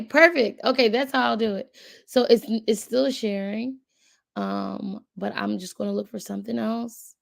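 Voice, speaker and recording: Gravelly higher-voiced woman, close and dry. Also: dry recording. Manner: thinks aloud, reads web text aloud with frequent fillers. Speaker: channel host. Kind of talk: casual commentary while browsing and reading aloud.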